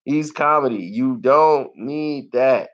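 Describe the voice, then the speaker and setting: A man gives a casual movie review at an unhurried pace, lively and full of laughter. He's animated, acting out scenes in high squeals, and the sound is slightly muffled and lo-fi.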